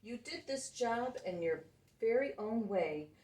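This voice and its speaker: A woman voicing a kind, motherly big school bus in a picture book, speaking gently and reassuringly. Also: a little high, animated, measured pace. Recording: roomy sound, mic at a distance.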